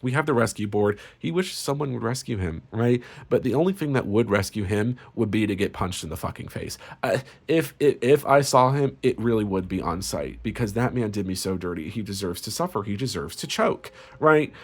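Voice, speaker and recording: A man's voice: fairly low pitch, expressive, brisk, few pauses, breathy edge. A man giving a casual tarot reading in a crude, sarcastic and gleefully spiteful way. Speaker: tarot reader.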